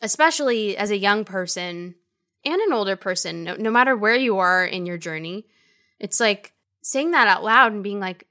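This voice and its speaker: Bright, enthusiastic woman podcast guest. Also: medium pitch, normal speed. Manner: enthusiastic, talks in long excited runs. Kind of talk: casual chat.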